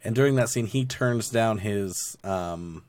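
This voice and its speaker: A man with a fairly low voice, calmly describing what he noticed in a show. The recording is dry and close. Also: unhurried, no room sound. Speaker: podcast co-host. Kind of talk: casual chat.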